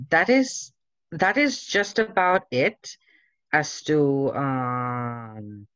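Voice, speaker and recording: A man teaching English in an online class, explaining slowly and reassuringly, with halting fillers over a video call. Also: mid-range voice, fairly bright tone, dry recording. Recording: muffled video-call audio.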